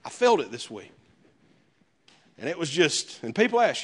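Guy preaching, pitch jumping all over, chatty folksy sermon. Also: sing-song, normal speed, breathy edge. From American South. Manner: conversational preaching with folksy asides. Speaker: pastor.

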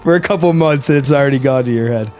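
A man's voice: mid-range voice, fast talker, darkish tone, faint music behind. A man co-hosting a podcast, teasing and laughing often, swearing in casual banter. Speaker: podcast co-host.

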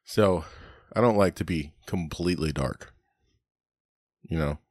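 A man's voice: low-pitched, measured pace, darkish tone, slightly rough, no room sound. A middle-aged man on a podcast, casually telling rambling stories full of swearing and laughter. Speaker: podcast host. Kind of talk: casual storytelling chat.

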